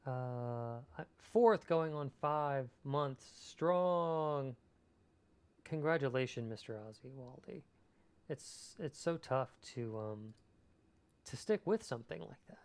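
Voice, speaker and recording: A man's voice: medium pitch, expressive, takes it slowly, smooth. A man streaming his screenwriting work in casual chat, reading out viewers' messages and answering them thoughtfully. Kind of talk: casual livestream chat while writing.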